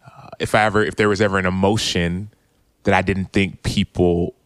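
Deep-voiced man telling a heartfelt story. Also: level tone, normal speed, a bit bright, smooth, no echo, studio quality. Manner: earnest, open, retelling quotes with frequent restarts. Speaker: podcast guest, former football player. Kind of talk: reflective storytelling.

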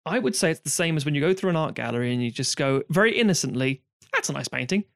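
Lively man acting out quotes. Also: a little high, racing, dry recording, studio quality. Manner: acts out quoted voices, laughs often. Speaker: podcast co-host. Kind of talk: casual film discussion.

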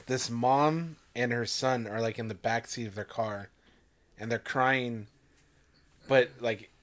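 Hesitant, soft-spoken young man. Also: medium pitch, slow, background noise. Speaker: podcast co-host. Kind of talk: casual chat.

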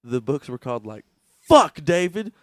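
A man's voice: on the high side, big pitch swings, moderate pace, no echo, studio quality. A young man co-hosting a comedy podcast, rambling through crude stories and laughing often. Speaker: podcast co-host. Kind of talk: casual chat. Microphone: studio microphone.

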